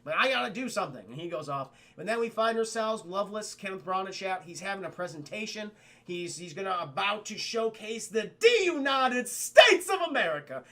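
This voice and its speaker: A man recapping a film scene by scene for his live stream chat, animated and profane, mimicking characters as he goes. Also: high voice, normal speed.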